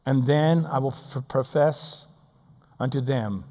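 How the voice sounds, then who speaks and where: A man, preaching as assistant pastor, swinging between booming and hushed. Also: takes it slowly. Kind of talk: sermon. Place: church sanctuary. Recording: church hall reverb.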